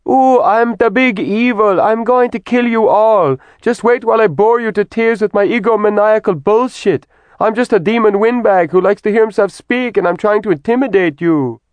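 A woman's voice: medium pitch, darkish tone, no echo, lo-fi sound, voice pushed up, lightly acted. A male narrator voicing a sarcastic young woman fighter who mocks her enemies. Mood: mock villain voice. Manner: mocking, quick wisecracks.

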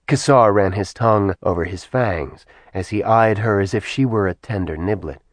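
A man's voice: on the low side, moderate pace, hardly any pauses, no echo. Male audiobook narrator, dry sound. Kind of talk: scripted narration.

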